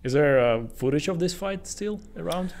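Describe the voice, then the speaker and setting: A man's voice: on the high side, expressive, moderate pace, darkish tone, soft background music. A man hosting a podcast, asking brief, direct interview questions.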